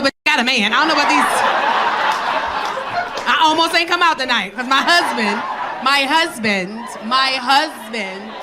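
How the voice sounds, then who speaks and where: A middle-aged woman performing stand-up on a club stage, with a high voice and a blunt, profane way of teasing the audience. She speaks into a handheld mic. Loud laughter and a noisy room fill in around her. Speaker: stand-up comedian. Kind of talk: stand-up comedy set with crowd work.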